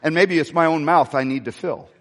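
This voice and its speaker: A man with a slightly high voice and a brisk delivery preaches a sermon as a pastor. His manner is conversational, with folksy asides and dramatic quotes delivered in a soft voice, and the recording carries the long reverb of a large hall.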